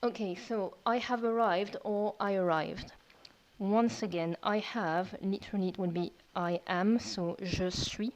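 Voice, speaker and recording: A woman's voice: medium pitch, fairly even intonation, a little hiss or hum, rough recording. Patient woman teaching a language lesson. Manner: patient, repeats steps, explains slowly. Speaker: French teacher.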